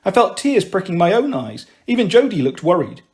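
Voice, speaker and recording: Man, storyteller, high voice, lively expressive pitch, audiobook reading. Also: brisk. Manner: expressive, animated narration.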